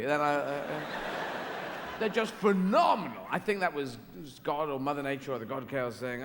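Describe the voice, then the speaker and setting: A man's voice: on the high side, expressive, measured pace, long pauses, a crowd in the background, noisy background. A man doing live stand-up comedy, rambling playfully with tangents and restarts, on a large theater stage. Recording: echoey live hall with audience. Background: audience laughter.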